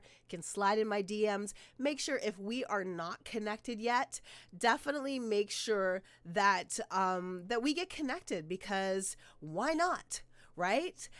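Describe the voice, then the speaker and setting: A woman's voice: mid-range voice, clean tone, dry recording. A woman hosting her weekly live stream, chatting casually and energetically with viewers while sounding a bit sick.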